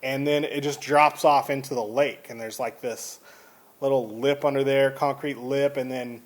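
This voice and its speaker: A man with a Texan accent casually telling a story to camera, rambling and animated, with frequent restarts. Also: medium pitch, moderate pace. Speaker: vlogger.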